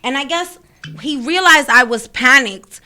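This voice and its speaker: Young woman chatting on a podcast, high bright voice, acts out everyone in her stories, swears a lot. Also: a little slow. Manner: animated storytelling, acts out quoted voices, swears freely. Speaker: podcast co-host. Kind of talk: casual chat.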